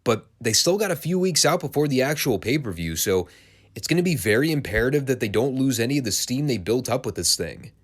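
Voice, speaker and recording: A man's voice: mid-range voice, sing-song, a little fast. A man giving a blunt, opinionated solo review of a wrestling show, swearing casually as he talks.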